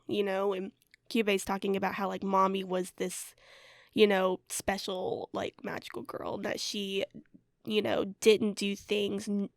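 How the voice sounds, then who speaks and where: Laid-back young woman, gravelly voice. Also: mid-range voice, little pitch movement, a little slow, no room sound, clean studio sound. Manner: hesitant, many fillers, laid-back. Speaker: podcast co-host. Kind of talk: casual anime review chat.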